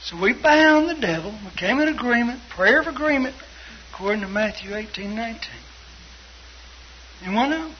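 An older man preaching a testimony, fervent and storytelling, swinging between loud and hushed. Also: extremely high pitch, lively intonation, moderate pace, pauses often. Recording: dull lo-fi broadcast with faint hiss.

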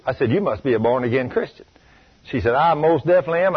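A man preaching a sermon, telling a story in a folksy, emphatic way that swings between loud bursts and low asides. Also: fast, breathy edge. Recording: dull lo-fi radio recording.

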